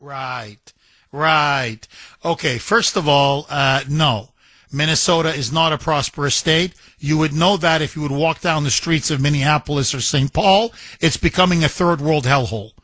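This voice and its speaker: Bright, forceful talk radio host. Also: male voice, on the high side, normal speed, no room sound. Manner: combative, sarcastic, ranting. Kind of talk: opinionated talk radio monologue.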